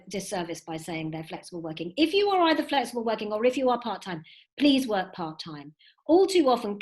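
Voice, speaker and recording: A woman in her fifties, a guest telling lively stories with many "you know"s over a video call from home. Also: on the high side. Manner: animated storytelling with frequent "you know". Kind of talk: recorded video call interview. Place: at home indoors.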